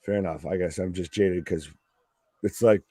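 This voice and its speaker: A man co-hosting a live wrestling reaction stream, excitable and profane, his voice going hoarse. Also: sits low, normal speed, dry recording. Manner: excitable, profane, calls the action. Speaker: wrestling co-host.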